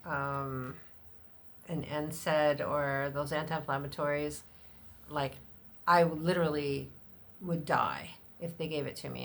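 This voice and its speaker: A middle-aged woman with a notably low voice chats unfiltered in a personal vlog. She rambles, drops fillers and swears freely, and now and then jumps much higher to act out what others said to her. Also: steady tone, measured pace, gravelly, a little hiss or hum. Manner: acts out other people's lines in a much higher voice. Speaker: vlogger. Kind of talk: unscripted personal vlog chat.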